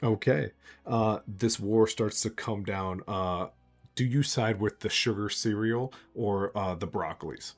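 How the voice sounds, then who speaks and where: A man narrating a tabletop game as game master. He has a lowish voice and rambles along, laughing often. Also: a little slow, faint music behind.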